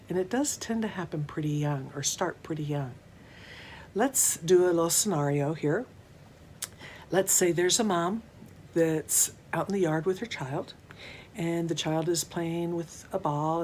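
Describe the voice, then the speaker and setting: Low calm middle-aged lady counselor giving a talk, slow and gentle, lots of pauses. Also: a little hiss or hum. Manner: gentle, measured, with unhurried pauses. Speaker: mental health counselor. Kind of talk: conference talk.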